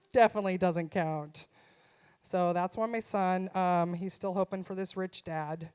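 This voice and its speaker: Live on a theater stage through a stage microphone, a middle-aged mom performs a punchy, self-deprecating stand-up set, acting out her son's voice. Her voice is on the low side, steady, a little slow and mellow, with a clean tone.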